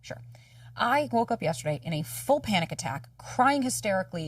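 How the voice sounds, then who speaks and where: A woman's voice: mid-range voice, big pitch swings, fairly quick, breathy edge, no room sound, recorded from a distance. A woman dating coach telling candid personal stories in a casual podcast chat, swearing freely. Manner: candid, emotional storytelling with frequent swearing.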